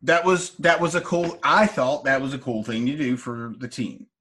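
A man hosting a podcast, asking questions and telling stories in a hesitant, halting way with many fillers. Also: medium pitch, sharp tone. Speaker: podcast host. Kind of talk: casual interview talk.

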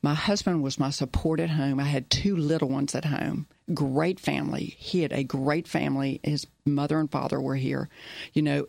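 A woman's voice: deep voice, gravelly, darkish tone, no room sound. A middle-aged woman telling her life story in an interview, earnest and repeating key phrases. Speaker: business owner guest.

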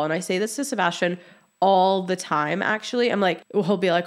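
A woman's voice: fairly low pitch, normal speed. A woman in her thirties hosting a podcast, talking casually and openly, full of "like" fillers and acted-out quotes. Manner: chatty, many "like" fillers, acts out quoted voices. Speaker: podcast host. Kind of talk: casual solo podcast talk.

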